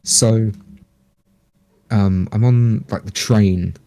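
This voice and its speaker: Guy from telling stories, lowish mellow voice, dry close sound, swears a lot. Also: drawn-out words, no echo. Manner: animated, swears casually, acts out other people's lines. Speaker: podcast guest. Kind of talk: casual storytelling chat.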